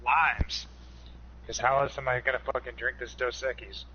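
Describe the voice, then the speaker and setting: A man's voice: mid-range voice, steady tone, normal speed, a loud crowd. A man co-hosting a casual podcast, cutting in with dry, blunt remarks. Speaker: podcast co-host. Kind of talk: casual chat. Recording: dull lo-fi audio with noise behind.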